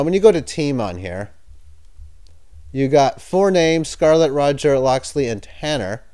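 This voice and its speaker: A man's voice: medium pitch, mellow. A man giving casual, hesitant commentary on cryptocurrency news, skeptical and sometimes sarcastic. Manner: hesitant, with fillers and self-corrections. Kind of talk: casual screen-share commentary.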